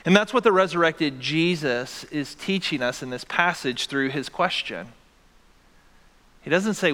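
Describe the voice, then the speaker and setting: A male pastor with a bright, slightly high voice delivers a sermon, acting out the voices he quotes. His words ring out with a long reverb in the church sanctuary. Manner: dynamic, acts out quoted voices.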